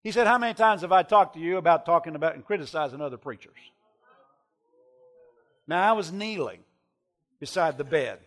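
A middle-aged man preaches a sermon, telling a story from the road. His voice sits a little high, and he swings from hushed confession to full-throated shouting. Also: lively intonation, fairly quick, long pauses. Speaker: traveling preacher.

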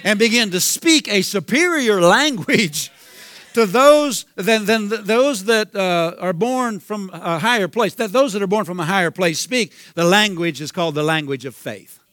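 A man's voice: high-pitched, animated, normal speed, a bit bright, no room sound, studio quality. Fervent Southern-sounding male preacher. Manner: fervent, repeats himself, calls out hallelujah. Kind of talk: sermon.

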